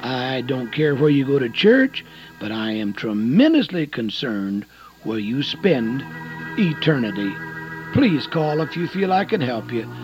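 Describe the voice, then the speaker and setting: A man in his seventies giving a radio sermon, swinging between hushed pleading and loud, fervent preaching. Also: mid-range voice, very animated, unhurried, faint music behind. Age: 70s. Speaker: radio evangelist. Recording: dull lo-fi radio broadcast.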